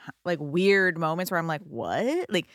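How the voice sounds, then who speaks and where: A young adult woman co-hosting a podcast, chatting casually and reacting quickly, often with rising exclamations. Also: lowish voice, steady tone, a bit bright, no echo, studio quality. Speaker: podcast co-host. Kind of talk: casual chat.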